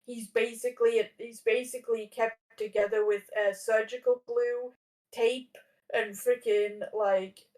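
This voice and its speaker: A woman's voice: on the high side, little pitch movement, unhurried, a little mellow, far from the mic, poor audio. A woman in her thirties telling a long story in casual chat, rambling with lots of fillers and restarts. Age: 30s. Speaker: podcast guest.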